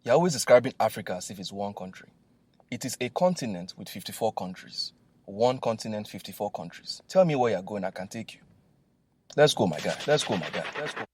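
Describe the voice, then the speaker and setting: A man performing a comedy radio skit with loud, excited voices. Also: fairly low pitch, a little fast, a little hiss or hum, natural voice. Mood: lecturing. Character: two men bantering in a comedy skit.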